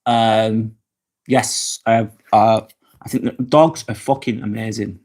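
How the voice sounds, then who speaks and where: Speaking slowly in a fairly low, steady, slightly mellow voice, a middle-aged man reads viewer comments during a casual live vlog. He's indoors in an apartment, talking bluntly and swearing without hesitation.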